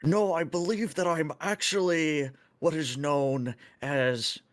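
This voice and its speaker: A man's voice: fairly high pitch, fairly even intonation, slow, no room sound, clean studio sound, voice pushed up. A man voicing an earnest six-legged male alien crewman who talks formally and takes things literally. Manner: formal, literal, misses jokes.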